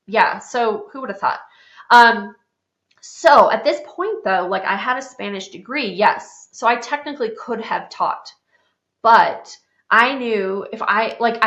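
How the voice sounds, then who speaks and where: Chatty, bright-voiced woman in a roomy space. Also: mid-range voice. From South Dakota. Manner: chatty and candid, with lots of "like" and some swearing. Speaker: podcast host. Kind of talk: casual personal storytelling. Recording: roomy, slightly dull podcast sound.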